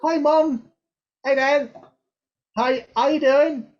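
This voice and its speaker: A man voicing a young female high elf who chatters in a flustered, rambling way. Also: fairly even intonation, takes it slowly, highs cut off. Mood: pleading.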